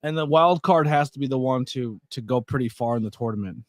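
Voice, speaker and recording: A man's voice: mid-range voice, brisk, no room sound, clean studio sound. A tired, yawning man hosting a casual watch-along stream, chatting to viewers in the chat. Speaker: podcast host.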